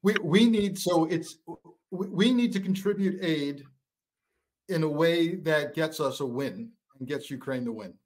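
A middle-aged man with a voice pitched a bit high talks as a political show guest. He drives his points home forcefully and doubles words for emphasis. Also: a little slow. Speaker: guest, former counterintelligence official. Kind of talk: political talk show commentary.

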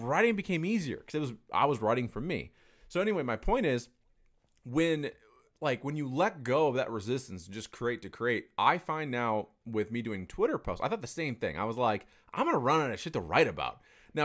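A young man talks in a loose, rambling way, dropping swear words without a second thought. His voice swings widely in pitch as he tells his stories. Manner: candid, rambling, swears freely. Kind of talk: casual conversation.

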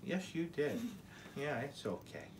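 Cheery American mom-vlogger type, animated and exclaiming, gently herding a kid through an unboxing. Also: female voice, a bass voice, a little slow, a little hiss or hum. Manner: upbeat, exclaiming, coaxing a child along. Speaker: family vlogger. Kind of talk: casual home unboxing chat.

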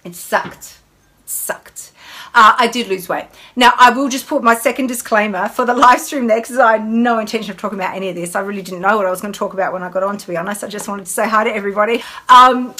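Hosting a casual live stream, a woman talks candidly and emphatically about her own eating habits, chatty and acting out her inner dialogue. Her voice is medium-pitched and sharp, and she speaks very fast.

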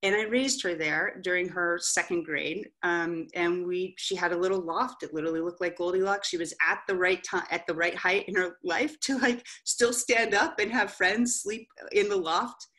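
Candid, lively middle-aged woman speaker. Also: on the low side, normal speed, few pauses. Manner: candid, animated storytelling with frequent "right?" asides. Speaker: author and coach, guest speaker. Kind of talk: motivational talk to an audience.

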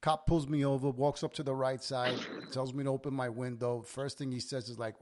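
A man's voice: mid-range voice, a little fast. A man, hosting a casual podcast and telling stories with lots of swearing. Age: 40s. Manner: swears often, animated storyteller. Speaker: podcast host. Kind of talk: casual chat.

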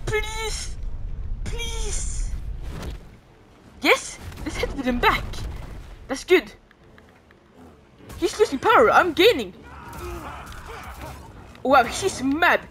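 A woman giving casual commentary on her own gameplay, reacting out loud, pleading with and taunting the enemy, and swearing now and then. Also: sits high, very animated, slow, pauses often, a little hiss or hum. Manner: reactive, pleading and groaning at the game. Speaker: gamer streaming a playthrough.

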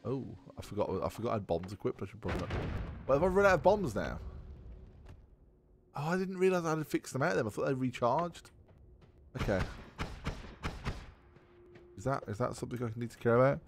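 A man giving casual let's play commentary while thinking aloud, excitable and swearing often. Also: mid-range voice, a little fast, creaky, pauses often, noisy background. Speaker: gaming video creator.

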